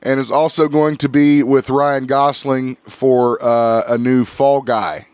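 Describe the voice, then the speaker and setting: A man's voice: mid-range voice, steady tone, takes it slowly, darkish tone, clear, resonant tone, dry recording. A man hosting a casual podcast chat, laughing a lot and swearing loosely while fighting sinus trouble. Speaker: podcast host.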